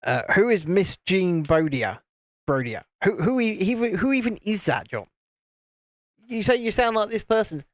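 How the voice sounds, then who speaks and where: His voice sits high and swings widely in pitch as this UK man hosts a relaxed livestream at a moderate pace. He builds a model, reads out what viewers write and chuckles often. The recording is dry.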